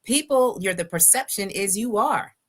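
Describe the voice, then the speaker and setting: A woman's voice: mid-range voice, lively intonation, moderate pace. A woman hosting a live talk show, chatting emphatically and keeping the conversation moving.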